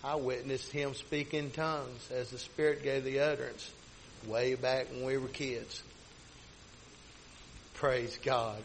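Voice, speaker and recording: A man's voice: mid-range voice, little pitch movement, slow pace, pauses often, slight background noise, rough recording. A middle-aged man, a pastor telling a personal story in a rambling, folksy sermon style. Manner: folksy, rambling with many restarts.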